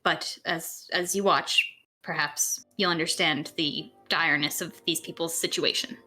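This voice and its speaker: A woman voicing a gentle, solemn male healer in a tabletop game, speaking in a soft, hesitant, measured way. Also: sits low, fairly even intonation, faint music behind, voice pushed down. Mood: earnest.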